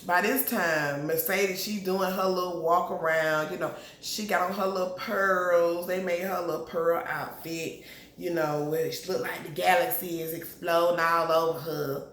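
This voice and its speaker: A woman's voice: fairly low pitch, steady tone, a little slow, fairly bright tone. A woman recaps a TV episode in casual slang and acts out the characters' lines as she goes. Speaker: TV show recap vlogger. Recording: echoey room, faint background noise.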